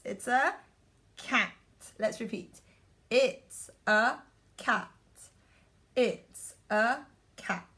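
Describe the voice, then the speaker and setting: Woman, teacher, slow and drawn-out, fairly high voice, encouraging and repetitive. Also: a bit bright. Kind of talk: remote lesson for young children.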